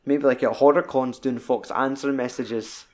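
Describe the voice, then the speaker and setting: A man's voice: mid-range voice, steady tone, normal speed, darkish tone. A man, co-hosting a casual podcast chat about films, loose and sweary with lots of filler words. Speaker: podcast co-host.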